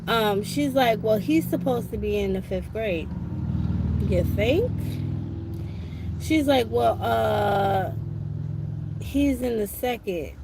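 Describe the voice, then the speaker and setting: Mom ranting on a phone live, slow talker, kinda gravelly, faint noise behind. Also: female voice, a little high. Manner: chatty, exasperated storytelling. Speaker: vlogger. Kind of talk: casual live stream. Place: eye doctor's office.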